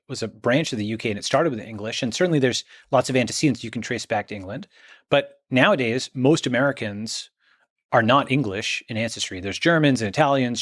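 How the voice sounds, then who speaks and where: Male guest, emphatic explainer, tags his points with "right?", mid-pitched voice. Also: dry recording, clean studio sound. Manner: emphatic, checks in with "okay?" and "right?". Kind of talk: conversational interview.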